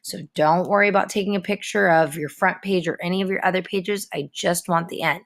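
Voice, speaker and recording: A woman teacher giving a recorded writing lesson to her students in a clear, instructive and repetitive way. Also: lowish voice, fairly even intonation, brisk.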